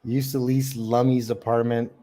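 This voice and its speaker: A man's voice: medium pitch, flat delivery, normal speed, dark tone. A man hosting a casual livestream chat, rambling with lots of fillers. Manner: rambling, many ums and likes. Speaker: livestream host.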